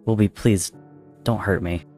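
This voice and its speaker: A man voicing an excitable teenage boy prince in a read-aloud story, his voice jumping up high when excited. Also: measured pace, soft background music, close to an everyday voice. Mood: pleading.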